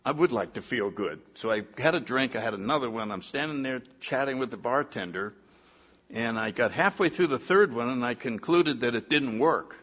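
A man's voice: mid-range voice, a bit bright, dull audio. An older man giving personal testimony at a recovery meeting, telling his story with wry, self-mocking humor.

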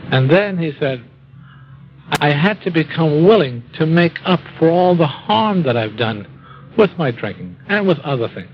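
A man telling a personal story in a wry, dry-humored way, with halting restarts. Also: on the high side, lo-fi sound. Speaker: speaker telling his life story. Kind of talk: storytelling talk.

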